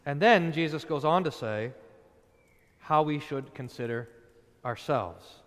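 Pastor guy preaching, high-pitched, big echoey church sound, punchy rhetorical questions. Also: measured pace, fairly bright tone. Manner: emphatic preaching, rhetorical questions, rising to stress points. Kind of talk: sermon.

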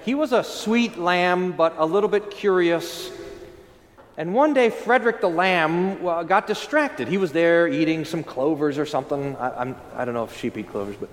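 A man's voice: a little high, moderate pace, long reverb tail. Man preaching a storytelling sermon. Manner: animated storytelling, then earnest. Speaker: pastor. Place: church.

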